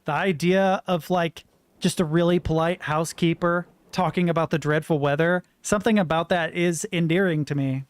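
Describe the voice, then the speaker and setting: A man's voice: a little high, steady tone, moderate pace, dry recording. An American man in his thirties chatting frankly and rambling while commentating a game he plays. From United States. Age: 30s. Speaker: let's play host. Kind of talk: casual gameplay commentary.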